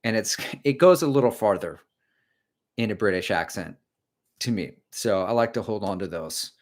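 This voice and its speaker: A man's voice: fairly low pitch, animated, moderate pace. A middle-aged man hosting a casual livestream, chatting and rambling as he answers viewer comments about running. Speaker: livestream host and running coach. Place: home.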